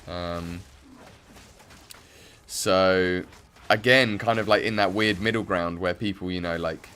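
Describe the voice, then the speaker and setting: Low-voiced English man, rambling stream chat. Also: fairly even intonation, slow, pushed and bright, clear, resonant tone. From English Midlands. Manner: rambling, many fillers and restarts. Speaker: game streamer. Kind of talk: casual chat while playing.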